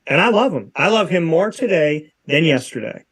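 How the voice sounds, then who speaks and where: A man in his thirties with a fairly high voice hosts a casual talk show. He talks with emphatic, preachy conviction and repeats phrases to drive his points home. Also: animated, normal speed, fairly bright tone, slightly rough. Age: 30s. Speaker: show host.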